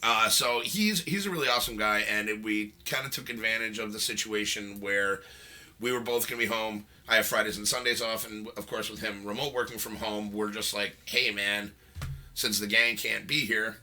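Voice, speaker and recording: A young man hosting a relaxed podcast chat, his voice low-pitched yet very bright and forward. He rambles with lots of fillers and laughs often. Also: normal speed. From New York. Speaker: podcast host. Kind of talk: casual chat.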